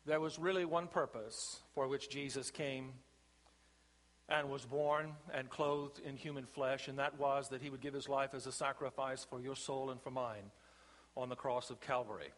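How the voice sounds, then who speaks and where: A man preaching a sermon from the pulpit, with slow, emphatic phrasing and deliberate pauses. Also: medium pitch, fairly even intonation. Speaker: pastor. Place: church sanctuary. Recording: long reverb of a church sanctuary.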